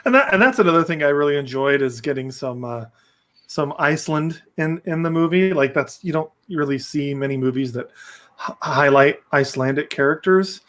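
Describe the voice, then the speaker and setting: Young male podcast host, slightly high voice, loose rambling delivery. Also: brisk, fairly bright tone, a little hiss or hum. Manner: rambling with frequent restarts. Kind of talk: casual podcast chat.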